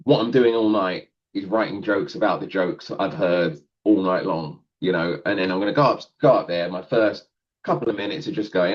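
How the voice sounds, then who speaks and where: A man's voice: low-pitched, normal speed, lo-fi sound. A male comedian talking casually in a podcast interview, rambling and self-deprecating, laughing often. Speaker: guest comedian.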